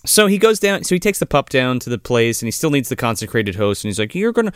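A man's voice: mid-range voice, very animated, fast talker, clear, resonant tone, no room sound, studio quality. A man co-hosting a casual podcast, recapping a movie with lots of swearing and laughter. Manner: profane, laughing, acts out scenes in voices. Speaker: podcast co-host.

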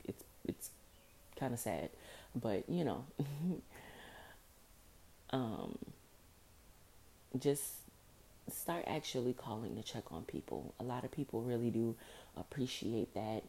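A woman hosting a podcast alone, talking casually and informally with a rough morning voice, repeating phrases for emphasis. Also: extremely low pitch, dark tone, a little hiss or hum. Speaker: podcast host. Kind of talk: casual solo podcast monologue.

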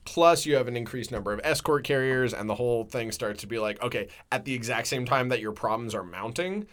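A man's voice: medium pitch, a little fast, fairly bright tone. A man co-hosting a casual history podcast, explaining with lots of "like" and "um" and reading quotes aloud. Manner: reads quotes aloud, explains with many fillers. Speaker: podcast co-host.

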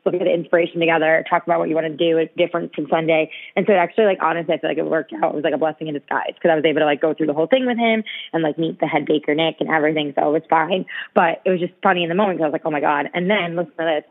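A deep-voiced woman talks in rapid-fire bursts with hardly any pauses, her voice coming through a tinny phone line. As a podcast co-host, she animatedly tells stories in casual conversation, using "like" constantly.

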